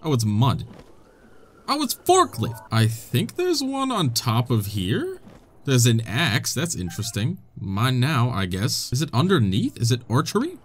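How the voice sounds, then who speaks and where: A man's voice: medium pitch, wildly swooping pitch, a little slow. A young man hosting a gaming channel, giving playful, jokey let's-play commentary and chatting to the characters on screen.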